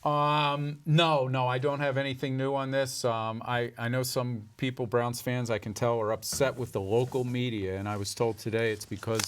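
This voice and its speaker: Brief: middle-aged cohost, mid-pitched, dry and mock-serious, judges jokes like a panelist. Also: male voice, level tone, normal speed, few pauses, clean tone. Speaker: co-host, sports commentator. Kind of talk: casual radio banter.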